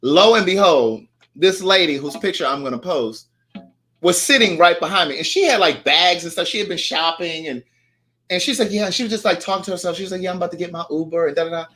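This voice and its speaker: A man's voice: high voice, animated, brisk, pushed and bright, soft background music. A young man hosting a casual live chat, telling a story and acting out the lines people said. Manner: chatty storyteller, acts out quoted lines. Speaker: host.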